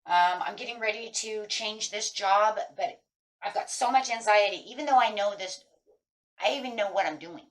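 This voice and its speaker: A woman's voice: medium pitch, moderate pace. A middle-aged woman giving a chatty, casual tarot reading, breaking into anxious inner voices. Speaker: tarot reader.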